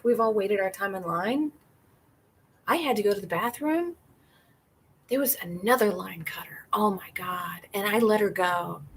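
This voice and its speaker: A woman's voice: mid-range voice, slight background noise. Chatty woman rambling on a livestream. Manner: chatty, rambling, laughs often. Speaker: livestream host. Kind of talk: casual livestream chat.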